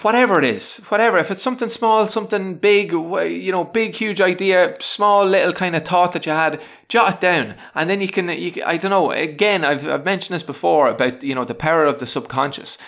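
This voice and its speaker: A man's voice: high voice, brisk, vocal fry, hardly any pauses, fairly bright tone. Rambling man sharing everyday advice. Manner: rambling, many restarts and fillers; frank, chatty, self-deprecating. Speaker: teacher sharing self-help tips. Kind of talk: casual spoken advice monologue.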